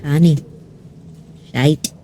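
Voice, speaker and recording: A woman's voice: low voice, fairly even intonation, drawn-out words, warm tone, a little hiss or hum. A woman casually commenting while playing a game, musing aloud about what she sees. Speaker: gameplay streamer. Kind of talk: casual let's-play commentary.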